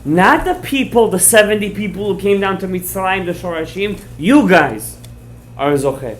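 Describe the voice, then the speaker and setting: Animated male rabbi telling a story. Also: high voice, normal speed. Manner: animated storyteller, acts out quoted lines, checks words with the audience; mixes in Hebrew and Aramaic terms. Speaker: rabbi teaching a class. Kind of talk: Torah class storytelling.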